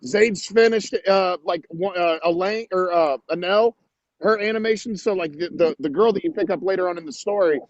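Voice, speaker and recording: A man with a high voice hyping up a friend with sweary enthusiasm. His voice comes through a dull, lo-fi mic. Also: normal speed, no room sound. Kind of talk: casual chat.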